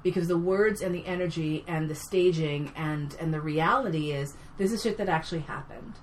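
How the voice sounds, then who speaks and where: A woman with a fairly low voice telling a story in a casual chat. She is blunt and animated, swears freely and gets loud when excited. A faint hiss runs underneath. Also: moderate pace. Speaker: podcast guest, actor.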